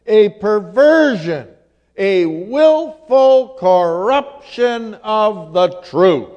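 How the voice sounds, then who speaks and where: A male preacher delivering a sermon in a deliberate, emphatic manner and quoting scripture in old-fashioned wording. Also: sits high, a little mellow. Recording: long hall reverb.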